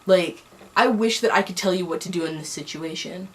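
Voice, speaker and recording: A woman's voice: fairly low pitch, brisk. A young woman telling a personal story on a vlog, angry and heated, rambling with many restarts. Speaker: vlogger.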